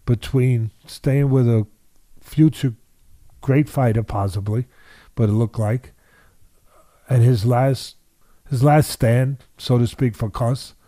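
Older male guest, dark mellow voice, dry close sound, emphatic storyteller who repeats for punch. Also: mid-range voice, fairly even intonation, slow pace, long pauses, no room sound. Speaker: boxing trainer guest. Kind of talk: storytelling interview.

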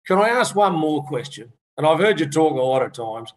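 Matey interviewer. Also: male voice, fairly high pitch, very animated. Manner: friendly, quick, matey. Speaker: host. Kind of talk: casual interview chat.

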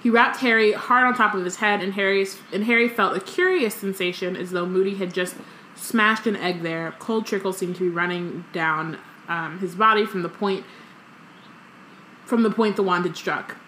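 A woman's voice: medium pitch, moderate pace, a bit bright. Woman reading aloud in an echoey room. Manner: reads dialogue aloud with light voices, laughs often. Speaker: podcast co-host reading aloud. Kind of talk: reading a novel aloud with commentary. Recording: echoey room with faint noise.

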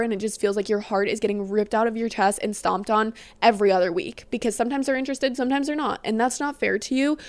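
A woman's voice: a little high, no room sound. A young woman hosting a podcast, giving blunt, sassy dating advice in a casual monologue, peppered with "like" and swearing. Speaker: podcast host.

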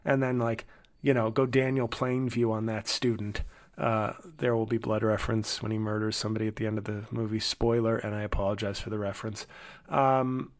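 Man, comedian podcast host, solo monologue, rambling, sardonic, self-deprecating, mid-pitched voice.

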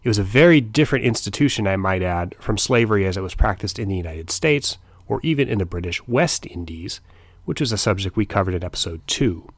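A man's voice: on the low side, animated, fairly quick, no room sound, clean studio sound. A middle-aged man hosting a history podcast, narrating in a scripted but informal storytelling tone with wry asides.

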